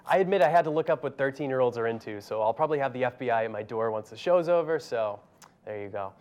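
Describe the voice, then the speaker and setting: A man hosting a satirical news show in a studio, delivering commentary with dry, sarcastic asides. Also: medium pitch.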